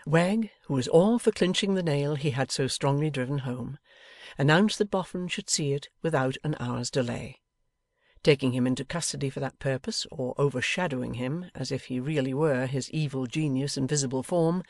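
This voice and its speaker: A man narrating a classic novel as an audiobook reader, in a measured, even storytelling manner. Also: mid-range voice, dry recording, clean studio sound.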